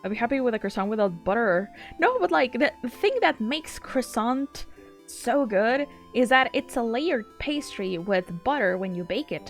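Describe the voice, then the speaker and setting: A woman streaming a game who reads story text softly and reacts with excited, sweary outbursts and frequent laughter. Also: on the high side. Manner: soft, hushed reading of story text. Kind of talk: casual let's-play commentary and reading game text aloud.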